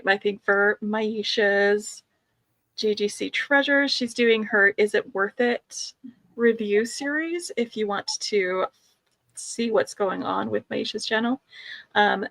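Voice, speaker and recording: A woman's voice: medium pitch, slow pace, creaky, fairly bright tone, no echo. A woman co-hosting a casual beading livestream from home, chatty and teasing, laughing often.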